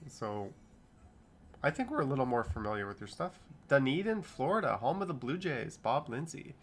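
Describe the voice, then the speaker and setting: A man's voice: medium pitch, big pitch swings, moderate pace. A man in his thirties hosting a casual livestream, reading viewers' comments aloud and riffing on them. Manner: chatty, reads chat comments aloud and riffs on them. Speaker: streamer reading live chat.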